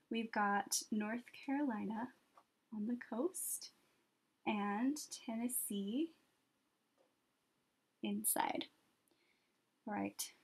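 A woman teaching children an art lesson step by step, patient and gently encouraging, often pausing as she draws. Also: on the high side, vocal fry, slightly rough.

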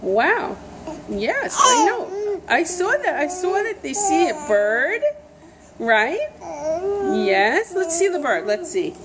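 A woman's voice: very high-pitched, big pitch swings, takes it slowly, heavy background noise. A young woman reading a picture book aloud to a baby in gushing, sing-song baby talk, full of exaggerated wonder.

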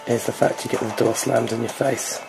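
A man with a croaky voice giving casual, self-deprecating commentary over an online co-op game, hesitating often with little fillers. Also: medium pitch, little pitch movement, a little fast, over music, rough recording. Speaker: game video host.

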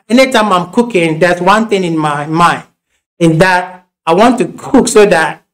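A man's voice: high-pitched, measured pace, fairly bright tone, low-quality recording. A man with a Ghanaian accent preaching a sermon in a church, telling homely stories with frequent restarts and laughing asides. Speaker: pastor.

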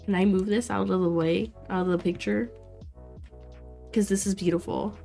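A young woman streaming a life-sim game, chatting to her viewers in an excitable way with frequent exclamations and laughs. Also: medium pitch, normal speed, vocal fry, soft background music. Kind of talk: casual let's play commentary.

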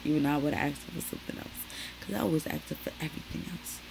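A young woman, chatting to camera in her small bedroom, slangy and animated as she tells stories. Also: sits low, racing, vocal fry, noisy background. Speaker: vlogger. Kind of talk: casual chat to camera.

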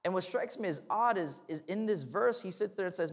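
A young male preacher delivers a sermon in an easy, chatty way. He stumbles on words and checks in with "right?" before pressing his points with mounting fervor. His voice sits a little high for a man. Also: lively intonation, brisk, hardly any pauses. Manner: conversational, rising to fervent emphasis; repeats words and restarts, uses "like" and "right?".

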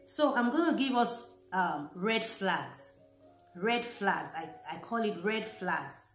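Earnest woman warning, echoey room. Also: mid-range voice. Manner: earnest, warning, repeats key phrases. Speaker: Christian vlogger. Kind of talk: casual talk to camera.

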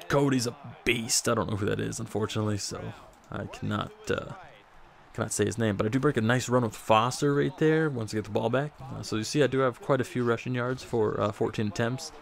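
Gravelly young man narrating his game. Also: fairly low pitch. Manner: rambling, self-deprecating, many fillers. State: out of breath. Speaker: gaming commentator. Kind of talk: casual game commentary.

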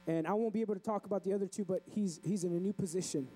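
High-voiced guy preaching casually, warm mellow tone, stumbles n repeats words. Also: very fast, slight background noise, poor audio. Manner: conversational, repeats and restarts words. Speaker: pastor. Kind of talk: sermon. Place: church.

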